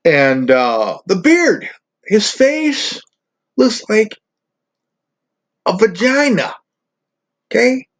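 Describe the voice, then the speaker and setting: In a dull, lo-fi recording, a man hosts his own channel and rants profanely in a rambling, stammering vlog. His voice is high-pitched with big pitch swings, and he draws out words and pauses often.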